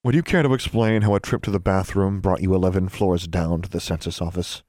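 A man voicing a stern, cold woman teacher in an audiobook, speaking lower and quieter in clipped, menacing tones. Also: fairly even intonation, fairly quick, no echo, clean studio sound, close to an everyday voice. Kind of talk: audiobook character voice.

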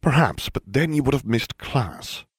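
A man's voice: medium pitch, lively intonation, unhurried, slightly rough, no room sound, studio quality, pitched above the performer's own voice. A man voicing an old, scheming male headmaster wizard with a genial, grandfatherly manner. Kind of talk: fan fiction audiobook reading.

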